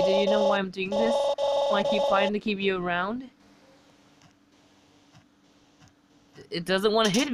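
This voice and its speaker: A woman's voice: mid-range voice, heavy background noise, natural voice. A woman voicing a young goat-monster boy, a remorseful crybaby, reading game dialogue aloud in a pleading, tearful way. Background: loud game music.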